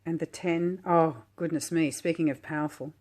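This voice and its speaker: A woman calmly unboxing a tarot deck while sitting on her floor, gushing and admiring each card at an unhurried pace. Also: low-pitched. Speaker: tarot vlogger. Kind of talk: relaxed unboxing commentary.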